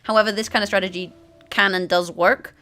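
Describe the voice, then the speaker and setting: Hosting a card game play-through, this woman chats with viewers about strategy and frequently stops to fix what she's saying mid-sentence. Her voice is mid-range and steady, with a brisk, bright, forceful delivery.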